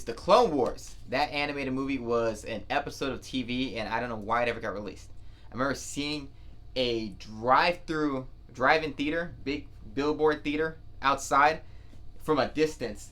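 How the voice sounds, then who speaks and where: A man talks straight to camera in a loose, unscripted rant, blunt and quick to swear. His voice is bright and forceful, sitting at an average pitch for a man, and he keeps a reviewer's running judgement going. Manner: blunt, ranting, swears freely, quotes scenes in mocking voices. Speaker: YouTube film reviewer. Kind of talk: casual ranking monologue.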